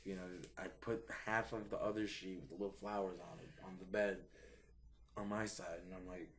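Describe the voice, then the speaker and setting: A man with a fairly low voice tells a rambling story in loose podcast chat. He swears in nearly every sentence, circles back on himself and breaks into laughter as he goes. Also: fairly even intonation, a little fast, crowd noise. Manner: rambling, heavily profane, laughs mid-story. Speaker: podcast co-host.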